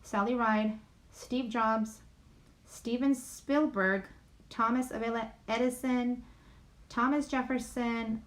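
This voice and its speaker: A woman with a fairly high voice runs a casual YouTube livestream from home, reading a list of names slowly with fairly even intonation. Chatty and self-deprecating, she keeps apologizing for mispronouncing them.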